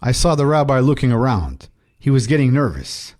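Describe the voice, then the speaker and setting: A man's voice: medium pitch, very animated, normal speed, darkish tone. Male preacher, rabbi, ministry update, reading verses aloud. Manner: preaching, reads scripture aloud. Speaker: Messianic rabbi.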